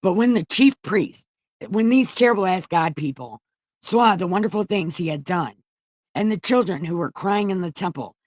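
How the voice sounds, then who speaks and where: In a dry, clean studio take, a comedic Bible reader with a lowish, slightly mellow, animated voice moves at a moderate pace. She keeps interrupting her own scripture reading with crude, scoffing remarks, her delivery loose and irreverent.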